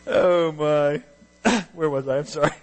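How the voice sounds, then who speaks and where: A man preaching a sermon as pastor, reading scripture aloud with rising emphasis and an expressive delivery. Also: fairly high pitch, rough recording.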